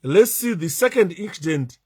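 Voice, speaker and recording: Male commentator reacting to video footage, emotional and emphatic, with a wide, animated pitch. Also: normal speed, slightly rough. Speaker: political commentator. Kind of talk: commentary over video clips.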